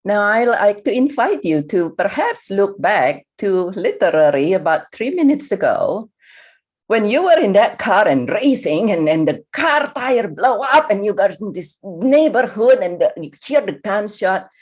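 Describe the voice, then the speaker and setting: A woman leading a guided visualization in the second person, telling a vivid story and slowing to a hushed, soothing tone. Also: medium pitch, big pitch swings.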